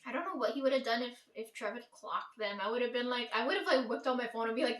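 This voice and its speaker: A woman's voice: on the high side, fast talker, few pauses, fairly bright tone, recorded from a distance. Blunt, profane woman storyteller. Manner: blunt, profane, emphatic, keeps asking "right?". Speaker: vlogger telling a family story. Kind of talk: casual storytelling to viewers. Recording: echoey room.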